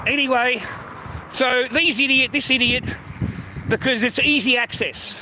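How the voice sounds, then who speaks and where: A man's voice: very high-pitched, a little slow, noisy background. A man hosting a livestream in a crude, sweary ranting chat, mocking his viewers and laughing often. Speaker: livestream host.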